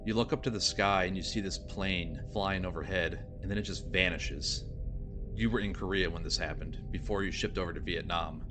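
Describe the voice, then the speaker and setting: A man runs a tabletop game as game master. His voice sits very low, and he tells the scene in a measured, descriptive way. Music plays clearly behind him. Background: background music.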